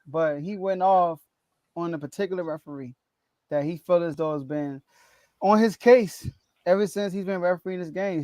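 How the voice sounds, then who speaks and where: A man's voice: high voice, a little mellow, dry recording. A man hosting a casual sports talk podcast, laughing often and ranting with animation. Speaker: podcast host.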